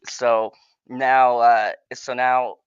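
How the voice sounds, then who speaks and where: A man's voice: mid-range voice, little pitch movement, very slow, clear, resonant tone, dry recording. Profane, laughing man with dull lo-fi sound. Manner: profane, rambling, laughs often. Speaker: podcast co-host reviewing shows. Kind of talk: casual chat.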